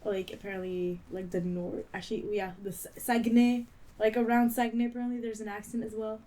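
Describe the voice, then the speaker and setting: A woman's voice: medium pitch, little pitch movement, warm tone, rough recording. Woman with a Quebec French accent. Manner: halting, restarts, fillers like "like". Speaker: podcast co-host. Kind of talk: casual chat.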